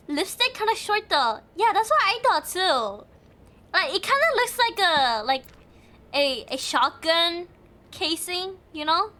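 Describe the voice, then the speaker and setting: A woman's voice: very high voice, big pitch swings, measured pace, bright, forceful tone. A young woman streaming a game, thinking aloud in casual chat, giggly and chatty. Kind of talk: casual live game commentary.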